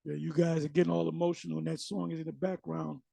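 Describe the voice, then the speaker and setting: A man's voice: fairly high pitch, level tone, fast talker, creaky, mellow, no room sound. A man teaching scripture in a casual, conversational way, challenging his listeners directly. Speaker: Bible teacher.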